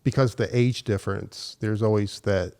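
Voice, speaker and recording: A man's voice: on the low side, steady tone, moderate pace, gravelly, dark tone, clear, resonant tone. A man speaking as a podcast guest in casual conversation, hesitant with many fillers.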